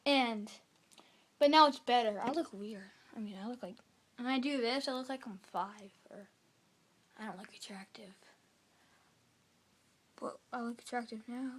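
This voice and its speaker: A woman's voice: a little high, moderate pace. A young girl vlogging casually to camera at home, rambling and apologizing a lot, with little giggles. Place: at home in a room.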